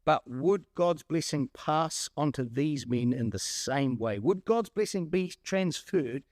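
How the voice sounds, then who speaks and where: A male preacher giving a sermon, animated and full of rhetorical questions. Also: fairly high pitch, takes it slowly, no room sound, clean studio sound.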